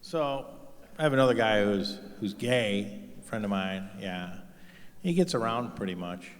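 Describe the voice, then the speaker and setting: A man doing a profane stand-up routine on stage, telling deadpan stories and acting out the other people in them. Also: fairly low pitch, unhurried. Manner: profane, deadpan storytelling with acted-out voices. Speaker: stand-up comedian. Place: theater stage with live audience. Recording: live hall reverb.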